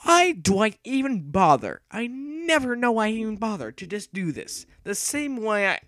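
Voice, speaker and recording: A young man commentating his own gameplay, excitable and rambling, yelling and repeating himself as he plays. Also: high-pitched, normal speed, dry recording, studio quality. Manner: excitable, yells and shrieks when playing. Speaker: gaming YouTuber.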